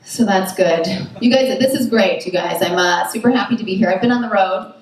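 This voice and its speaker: A young woman works through a stand-up set in a loose, chatty way, mocking herself as she goes. Her voice sits in a middle range. It is caught from a distance in a booming, echoey room, with clear noise behind it. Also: brisk. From United States. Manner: chatty, self-mocking, lots of "like" and "you know what I mean". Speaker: stand-up comedian. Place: comedy club stage at a festival. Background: audience laughter.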